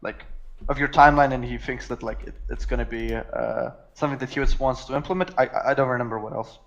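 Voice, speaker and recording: A man's voice: medium pitch, steady tone, fast talker, vocal fry, dull audio. A man co-hosting a casual online podcast chat, with a playful, joking way of talking. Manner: playful and jokey. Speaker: podcast co-host. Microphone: online voice call.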